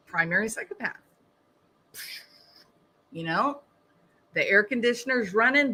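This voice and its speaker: Casting: middle-aged woman, bright voice, wry and chatty live-stream host. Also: medium pitch. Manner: wry, chatty, laughs at her own jokes. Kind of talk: casual live-stream chat reading comments.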